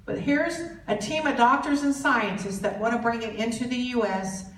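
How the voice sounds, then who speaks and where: Speaking at a business boot camp, a Southern US woman with a slightly higher voice tells a story to a crowd at normal speed, acting out conversations in quoted voices. A distant mic in an echoey hall catches her, with faint noise underneath.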